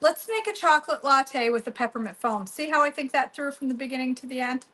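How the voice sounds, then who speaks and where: A woman's voice: sits high, fast, fairly bright tone, poor audio. A middle-aged woman chatting casually while cooking in her home kitchen, teasing viewers by name. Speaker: cooking vlogger.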